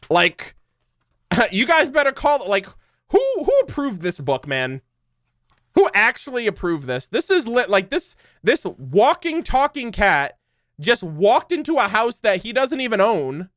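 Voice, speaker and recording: High-voiced, joking young streamer man. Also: big pitch swings, slow, fairly bright tone, no room sound, clean studio sound. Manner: rambling, joking, laughs often; swears casually. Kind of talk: casual livestream chat.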